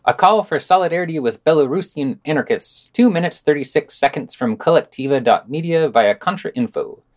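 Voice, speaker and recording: A man co-hosting a podcast, reading short reviews and asking questions in a measured, plain way. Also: on the high side, lively intonation. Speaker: podcast co-host. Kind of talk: podcast reviews and casual discussion.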